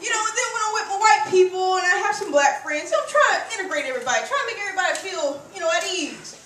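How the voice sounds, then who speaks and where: High bright woman doing brash stand-up. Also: lively intonation, very fast, a little hiss or hum. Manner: brash, profane, punchy delivery. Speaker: stand-up comedian. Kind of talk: stand-up comedy routine. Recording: echoey room, far from the mic.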